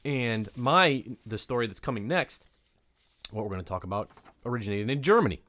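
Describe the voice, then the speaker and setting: A man co-hosting a podcast, chatting playfully and leaning on loose fillers as he talks. His pitch sits in the middle for a man. The recording is close and dry, with no room sound. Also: lively intonation, fairly quick, a bit bright, no echo. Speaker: podcast co-host. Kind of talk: casual chat.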